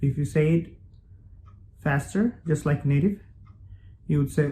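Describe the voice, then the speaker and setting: A man teaching English phrases in a casual lesson, repeating each phrase slowly and switching into Bengali to explain. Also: fairly high pitch, mellow, a little hiss or hum.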